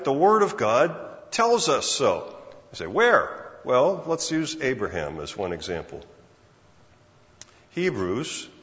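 A man's voice: on the high side, fairly bright tone. A man preaching as pastor, often asking the congregation rhetorical questions, acting out what imagined people think and stumbling into word repeats. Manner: acts out imagined speakers' thoughts; frequent word repeats and restarts. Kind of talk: sermon. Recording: long hall reverb, dull lo-fi sound.

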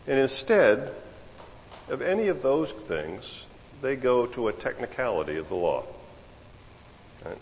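A man preaching a sermon, emphatic and repetitive, dropping low and then rising sharply for emphasis. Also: lively intonation, measured pace, pauses often. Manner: emphatic, repeats words, swings from low murmur to raised voice. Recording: long hall reverb.

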